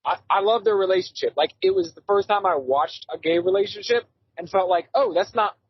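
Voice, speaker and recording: High-voiced, husky man chatting casually. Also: fairly quick, no room sound, highs cut off. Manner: animated, swears freely. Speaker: podcast co-host. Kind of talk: casual chat.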